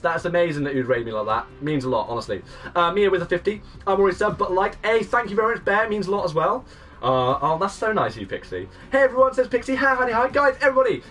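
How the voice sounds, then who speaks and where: A young man in his twenties live-streaming a game, greeting and thanking viewers and breaking into excited shouts. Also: sits high, distant mic. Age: 20s. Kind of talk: live-stream chat reading out viewers' messages.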